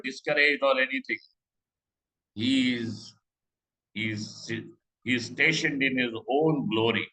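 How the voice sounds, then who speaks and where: A middle-aged man giving a scripture class, talking conversationally with rhetorical questions and slow Sanskrit quotes. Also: medium pitch, sharp tone, poor audio. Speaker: Vedanta teacher.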